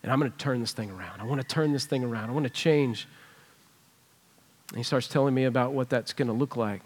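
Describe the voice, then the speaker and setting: A man's voice: mid-range voice, fast. A man preaching a sermon in a church, conversational and earnest as he retells a personal story. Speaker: pastor. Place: church sanctuary.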